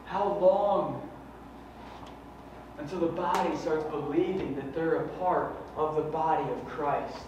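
A man's voice: on the high side, slow. A man pastor preaching a sermon, fervent and conversational, with many rhetorical questions. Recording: echoey hall from far off, dull and faintly noisy.

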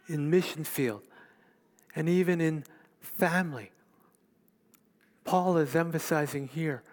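A pastor in his fifties with a voice on the high side preaches an animated sermon, swinging between loud, emphatic lines and hushed asides.

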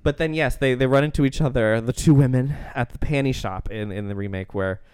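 A man's voice: medium pitch, brisk, darkish tone, clean tone, no echo, studio quality. A man co-hosting a podcast, chatting casually about films in a rambling, tangential way, laughing often and acting out lines from the movies. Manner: acts out movie lines in quoted voices. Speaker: podcast co-host. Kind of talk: casual film discussion chat.

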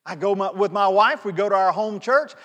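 A middle-aged man preaching a sermon, telling stories in a conversational way and swinging between soft asides and loud emphatic pleas. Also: sits high, a little fast. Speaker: pastor. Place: church sanctuary. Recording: long reverb of a church sanctuary.

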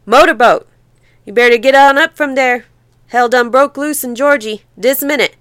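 A woman's voice: medium pitch, moderate pace, no echo, studio quality, lightly acted. A woman voicing an urgent young Southern man. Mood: alarmed. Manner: drawling rural dialect, pressing and insistent.

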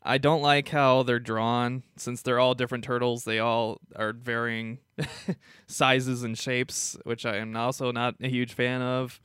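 A man co-hosting a casual podcast, reading out pop culture news in a relaxed, hesitant way with many fillers. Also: medium pitch, measured pace, clean tone, no room sound, clean studio sound. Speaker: podcast co-host presenting news. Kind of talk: casual chat.

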